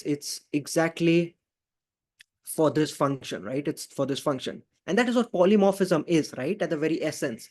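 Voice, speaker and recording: A man teaching a live online programming class, answering his own questions and tagging nearly every line with "right?" and "okay?". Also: a little high. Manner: repeats key phrases, frequent fillers. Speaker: programming instructor. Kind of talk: live online coding lesson.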